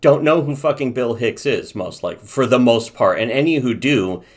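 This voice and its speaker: A man's voice: medium pitch, animated, normal speed. A man co-hosting a casual commentary podcast, ranting profanely and reading from his notes. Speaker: podcast co-host.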